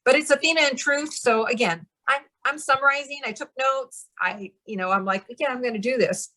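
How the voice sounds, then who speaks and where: A woman's voice: high-pitched, moderate pace, fairly bright tone. A woman in a channeling practice group, talking casually and explaining things step by step, with lots of fillers and frequent laughs. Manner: chatty, lots of "like" and "you know", laughs often.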